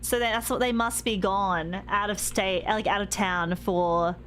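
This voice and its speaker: A woman's voice: mid-range voice, steady tone, a little slow, fairly bright tone, a little hiss or hum. A young woman streaming a game, chatting casually, reading in-game notes aloud and laughing easily.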